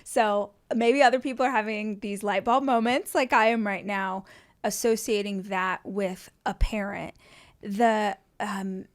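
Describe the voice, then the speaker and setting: A woman's voice: medium pitch, fairly even intonation, a little slow. Chatty woman podcast host. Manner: rambling, restarts thoughts, many "like"s. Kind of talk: casual interview conversation.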